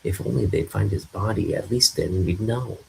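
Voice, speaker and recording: A man's voice: lowish voice, moderate pace, gravelly, dark tone, a little hiss or hum, pitched above the performer's own voice, rough recording. A man voicing an awkward, caring young male photographer, reading a comic aloud. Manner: awkward, fumbling.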